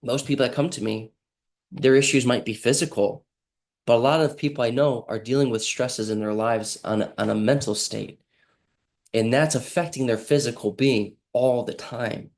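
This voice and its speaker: A man's voice: medium pitch, moderate pace, darkish tone. A man speaking as a healing practitioner in a casual motivational monologue, earnest and rambling, with frequent restarts and lines he acts out himself.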